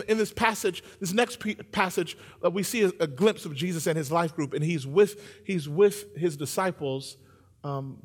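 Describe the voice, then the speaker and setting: A man preaching a sermon, joking with the congregation and building to loud, sung-out emphasis. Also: on the high side, in a large hall. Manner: humorous, animated, builds to shouting.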